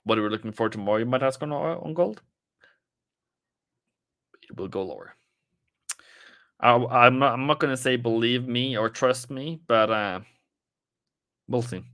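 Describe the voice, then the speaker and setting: A man's voice: mid-range voice, a little slow, long pauses, fairly bright tone, no echo, studio quality. A man casually commenting on a live trading stream, rambling and chatting with viewers as he goes through the charts.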